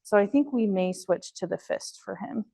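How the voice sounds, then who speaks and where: Woman dog trainer, online class, upbeat, mid-pitched voice, bursts of high praise. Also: animated, normal speed, gravelly, mellow. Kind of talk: online class instruction with live demo.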